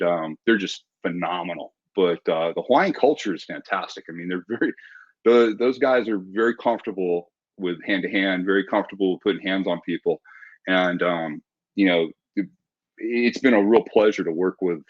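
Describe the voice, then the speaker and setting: A man in his forties, a martial arts instructor, telling stories in a relaxed interview with frequent restarts. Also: deep voice, moderate pace. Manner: relaxed storyteller with many restarts. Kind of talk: casual interview talk. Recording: dull lo-fi audio.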